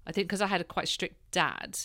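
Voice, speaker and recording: Candid woman with a gravelly, dry voice. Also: lowish voice, a little fast, sharp tone, dry recording. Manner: candid, laughs while telling stories. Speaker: podcast host, mother. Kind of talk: casual chat.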